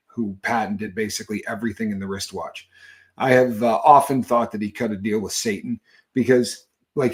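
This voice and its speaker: A man at a middling pitch hosts a casual live talk show. He rambles through his stories with halting restarts and filler words. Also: darkish tone. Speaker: podcast host.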